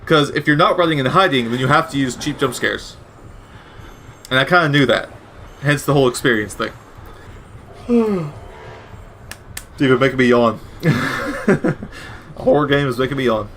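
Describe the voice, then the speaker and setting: A man's voice: mid-range voice, a little fast, fairly bright tone, slight background noise. A man giving casual, rambling gameplay commentary with wry asides and frequent self-corrections. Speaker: gaming commentator.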